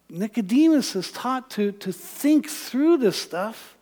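High-voiced preacher in a reverberant hall. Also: male voice, takes it slowly. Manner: animated retelling, voicing characters, rising to loud passages. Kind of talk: sermon. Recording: long church reverb.

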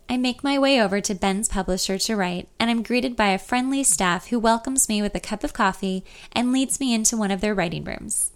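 A woman narrating a first-person audiobook in a calm, reflective way. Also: mid-range voice, fairly quick, few pauses.

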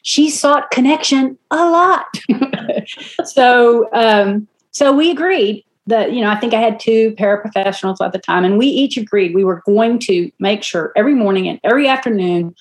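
A woman's voice: on the high side, normal speed. A woman, a special education teacher co-hosting a casual podcast, telling classroom stories with frequent laughter and acted-out quotes. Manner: storytelling, laughs often, acts out quotes.

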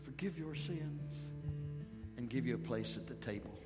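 A man preaching a sermon as pastor, slow and emphatic, building to loud calls for the congregation to repeat after him. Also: medium pitch, animated. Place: church sanctuary. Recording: reverberant church hall, faint guitar behind.

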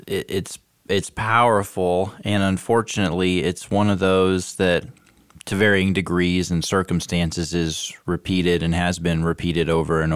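A man's voice: low voice, clean tone, no echo, studio quality. A man co-hosting a podcast, asking questions and reflecting on his co-host's story. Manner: prompting, reflective, asks follow-ups. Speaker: podcast co-host. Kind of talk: casual conversation.

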